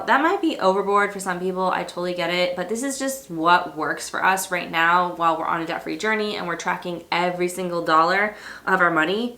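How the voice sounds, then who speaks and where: A young woman vlogs with a stuffy, nasal voice from a cold. She talks in a chatty, rambling, upbeat way, her tone bright and her pitch on the low side. The room around her gives back a clear echo. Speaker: personal finance vlogger. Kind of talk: casual talk to camera.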